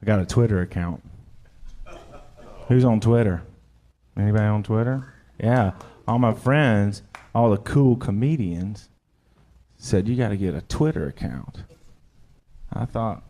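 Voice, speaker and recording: In a comedy club with a laughing audience, a man performs stand-up in a lowish, dark, animated voice, keeping a measured pace and pausing often. His material is crude, self-deprecating confession, and he interrogates the crowd directly.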